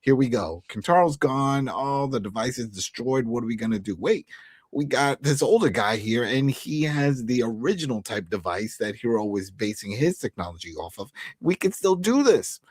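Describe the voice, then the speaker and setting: A man co-hosting a casual TV recap show, jokey and animated, often acting out what the characters said. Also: medium pitch, normal speed, dry recording, studio quality. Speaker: podcast co-host.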